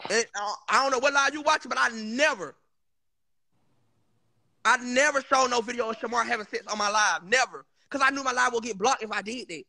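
A man's voice: extremely high pitch, fairly quick, creaky, bright, forceful tone. A man on a livestream call, insisting and swearing oaths as he defends himself. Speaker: live stream guest. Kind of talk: heated livestream argument.

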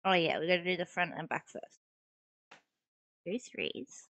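Bright, lively young woman streamer. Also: on the low side, unhurried, no echo. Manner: chatty, playful, talks to herself while building. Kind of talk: casual chat while building tiny block figures.

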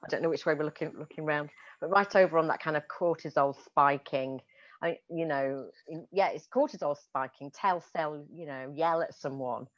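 A woman's voice: low voice, normal speed. A woman, an executive coach and host, chatting enthusiastically over a video call and laughing often. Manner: enthusiastic, laughs often, restarts mid-phrase. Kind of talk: casual conversation. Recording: muffled lo-fi audio.

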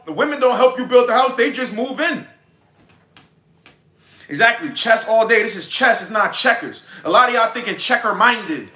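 A man's voice: extremely high pitch, sharp tone, echoey room. A young man giving brash, profane dating advice in a casual livestream monologue.

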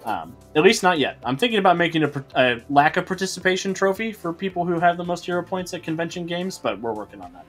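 A man's voice: high voice, animated, fast talker, few pauses, a bit bright, soft background music. A man hosting and running a tabletop role-playing game stream, upbeat and chatty with a fondness for puns. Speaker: game master.

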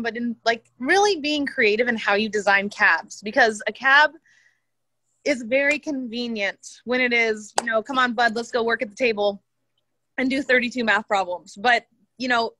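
A woman co-hosting a professional webinar on a video call, walking through examples in an animated, upbeat way and laughing easily. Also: fairly high pitch, no room sound. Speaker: co-host presenter.

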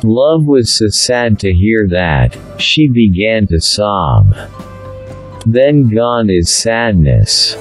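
A man narrating a fable in a slow, deliberate storybook reading. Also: lowish voice, sing-song, poor audio. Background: faint instrumental music.

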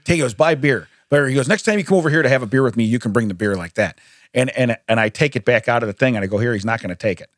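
A man's voice: mid-range voice, very fast, no echo, studio quality. A man co-hosting a podcast, telling a story in casual chat, laughing often and acting out what people said. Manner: animated, laughing often, acts out quoted voices. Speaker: podcast co-host. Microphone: studio microphone.

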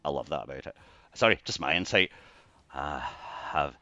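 A Scottish man rambling casually to camera, jokey, with sudden bursts of excitement between mumbled asides. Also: a bass voice, moderate pace, dry recording. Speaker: vlogger. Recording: dull lo-fi dry recording.

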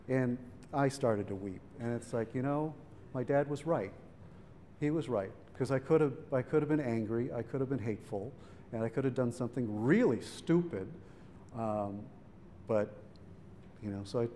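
A man's voice: fairly low pitch, dark tone. A middle-aged man speaking at a public event, telling a family story in a conversational way and acting out the voices of people he quotes. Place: museum event hall. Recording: hall reverb, faint background noise.

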